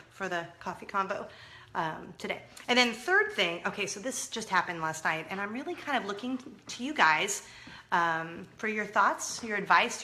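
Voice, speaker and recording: Woman, 30s, mom vlogger talking to camera, bright and forceful tone, chatty and dramatic. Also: mid-range voice. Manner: chatty and expressive, swinging from loud to hushed. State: injured, in a leg cast. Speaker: parenting vlogger. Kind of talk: casual chat to camera.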